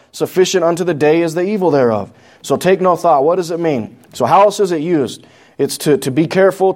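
Fairly high in pitch and darkish in tone, the voice is that of an adult pastor with a New Mexican accent. In his Bible study sermon he reads scripture out loud, explains it simply, and questions the congregation.

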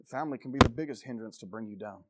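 A man preaching a sermon with passion, swinging from loud exhortation to low intensity and repeating phrases for emphasis. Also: rapid-fire, very noisy.

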